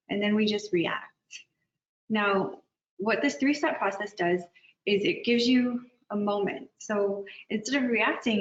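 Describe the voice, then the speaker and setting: A woman counselor giving a gentle, measured webinar talk, with some filler ums. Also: medium pitch. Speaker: guest counselor. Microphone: video call. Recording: echoey, distant, dull webinar audio.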